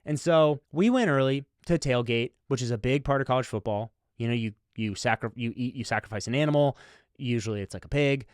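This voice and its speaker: A man hosting a comedy podcast, telling a rambling story with deadpan, mock-serious asides. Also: mid-range voice, clean tone, no room sound, clean studio sound. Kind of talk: comic storytelling.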